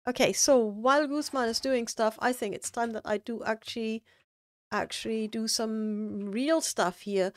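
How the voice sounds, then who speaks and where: A woman's voice: on the high side, steady tone, normal speed, no room sound, studio quality. A woman streaming a building game, chatting casually with viewers and thinking aloud with lots of fillers. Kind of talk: casual live-stream chat.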